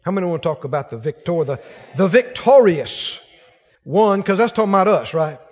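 Animated preacher guy, high voice that swoops all over, dull roomy church sound. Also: brisk. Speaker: pastor. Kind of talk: sermon.

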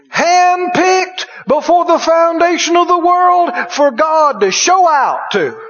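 A man delivers a sermon in a strikingly high, animated voice that swoops up and down. He takes his time, then erupts in shouted exclamations of joy. The recording sounds dull and lo-fi. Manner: exuberant, bursts into shouted exclamations. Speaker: preacher.

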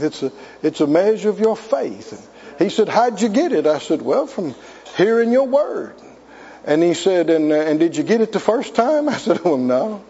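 A man preaching a sermon, telling a story and growing emphatic, close to shouting at times. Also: sits high, slightly rough. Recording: dull, reverberant hall.

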